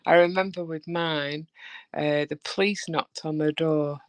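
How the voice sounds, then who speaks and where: Lively woman guest telling stories. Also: deep voice, a little slow, no echo. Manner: animated storyteller who acts out voices. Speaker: guest on a live stream. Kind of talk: casual chat.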